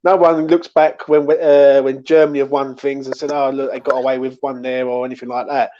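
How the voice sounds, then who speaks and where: A man's voice: medium pitch, flat delivery, fairly quick, mellow, lo-fi sound. A man chatting about football as a fan guest over a call, chatty and celebratory. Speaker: fan caller. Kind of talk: casual football chat.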